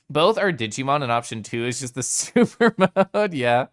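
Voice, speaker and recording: A male streamer chatting with his live chat in a playful, giggly way, greeting viewers by name. His voice is smooth and resonant, and his pitch swoops up and down a lot. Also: big pitch swings, normal speed, hardly any pauses, a bit bright.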